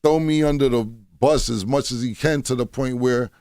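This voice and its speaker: Speaking at normal speed in a warm, mid-range voice, a man tells blunt stories as a guest in a radio studio. He curses freely and frequently asks "you know what I'm saying." Recorded on a studio mic with no echo, studio quality.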